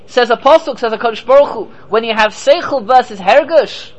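A man's voice: very high-pitched, a little fast, dull audio. Rabbi guy lecturing on torah, punchy, keeps asking then answering his own questions, throws in hebrew and yiddish words. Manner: emphatic, asks and answers rhetorical questions; mixes in Hebrew and Yiddish terms. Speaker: rabbi teaching.

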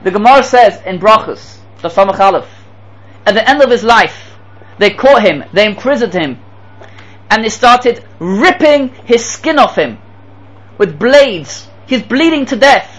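A man's voice: high-pitched, expressive, a little slow, a bit bright, low-quality recording. A man teaching a Torah lecture to his students, emphatic, repeating key phrases and asking the class rhetorical questions. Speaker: yeshiva teacher.

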